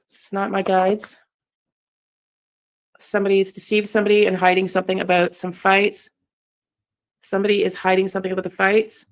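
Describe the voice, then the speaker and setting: A tarot reader who hosts her own channel chats casually with viewers while doing a live-stream card reading. She speaks in a mid-pitched, flat and even tone, halting often, breaking off and starting over. The audio quality is poor.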